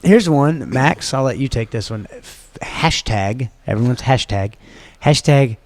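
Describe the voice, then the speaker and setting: A man's voice: mid-range voice, expressive, unhurried, darkish tone. A man hosting a casual podcast chat, joking and laughing often. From United States. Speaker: podcast host.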